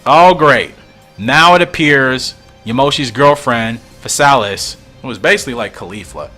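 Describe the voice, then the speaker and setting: A man's voice: medium pitch, moderate pace, bright, forceful tone, soft background music. A man reading a fan comic aloud and thinking aloud in a musing, often puzzled way. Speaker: comic reader and reactor.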